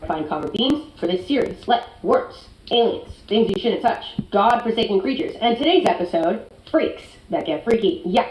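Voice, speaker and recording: A woman's voice: medium pitch, lively intonation, moderate pace, few pauses. A woman giving a scripted comedic narration in a wry, playful, self-mocking way. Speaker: video narrator. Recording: roomy with faint background noise.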